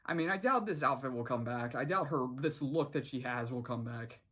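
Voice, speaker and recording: A person casually reviewing a cartoon episode for a vlog. They ramble with many restarts and fillers, laugh often, and jump up in pitch when amused. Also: animated, a little fast, a bit bright.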